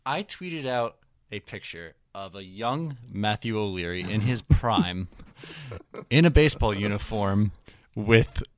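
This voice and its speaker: Low-voiced young podcast host. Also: male voice, animated, takes it slowly. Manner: laid-back, joking storyteller. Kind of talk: casual hockey podcast chat.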